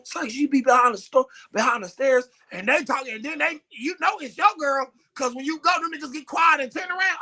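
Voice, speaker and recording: A man's voice: very high-pitched, a little fast, hardly any pauses. A man co-hosting a podcast, chatting casually and telling stories with lots of swearing and slang. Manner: animated storytelling, swearing, slang-heavy. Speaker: podcast co-host. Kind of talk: casual chat.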